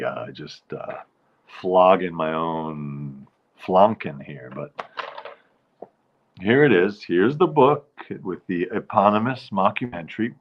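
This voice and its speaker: A man's voice: fairly low pitch, dull audio. A man hosting his own live show, chatting casually and rambling as he greets viewers by name. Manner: rambling, chatty, self-interrupting. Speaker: host of a nightly live show.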